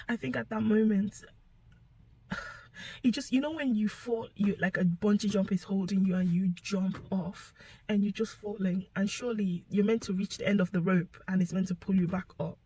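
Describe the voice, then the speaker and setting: A young woman telling a painful personal story to camera, emotional and halting, sometimes sinking to a whisper. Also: medium pitch, vocal fry, a little mellow, a little hiss or hum, rough recording. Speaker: vlogger sharing her story.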